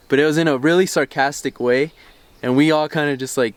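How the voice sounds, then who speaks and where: A young car vlogger whose voice is on the high side speaks a little fast as he casually recounts a story outdoors by parked cars. Chatty and relaxed, he acts out pieces of quoted dialogue, and the camera-mounted shotgun mic yields a dry recording.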